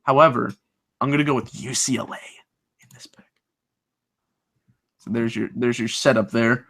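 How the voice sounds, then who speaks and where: Upbeat man with a bright voice. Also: medium pitch, steady tone, normal speed. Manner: upbeat, talks through picks with restarts. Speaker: co-host making bracket picks. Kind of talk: casual sports chat. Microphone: video call.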